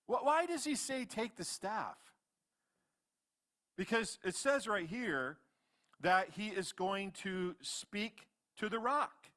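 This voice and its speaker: A man in his fifties, a pastor preaching a sermon in church, swinging between loud animated retellings and quiet asides. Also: high voice, slow pace. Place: church sanctuary.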